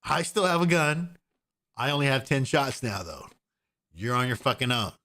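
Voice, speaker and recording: A man's voice: medium pitch, big pitch swings, moderate pace, bright, forceful tone. A man from Oregon giving a casual vlog rant in a blunt, profane, repetitive way. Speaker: gun owner vlogger.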